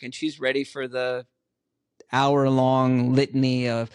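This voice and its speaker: A middle-aged man talks as a podcast guest, with a gravelly, creaky edge to his voice. He tells his stories earnestly and repeats words for emphasis. The sound is dry and close. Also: medium pitch, normal speed, no echo. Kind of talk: casual interview chat.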